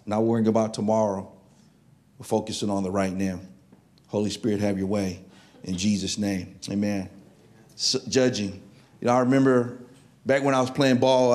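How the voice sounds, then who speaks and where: A man's voice: medium pitch, a little mellow. Male pastor, sermon, storytelling preacher who repeats words for emphasis.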